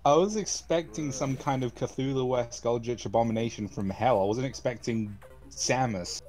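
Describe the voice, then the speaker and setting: Man, wry, casual chat, mid pitch, faint music. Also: normal speed, a little mellow, low-quality recording. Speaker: co-commentator.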